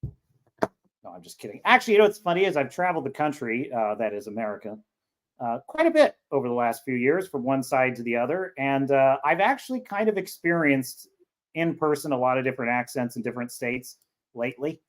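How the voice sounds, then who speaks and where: A man's voice: medium pitch, sing-song, a little fast. A man from California with a Californian accent talks off the cuff as host of a casual livestream. His commentary rambles and jokes along, with restarts and asides as he reads viewer comments aloud.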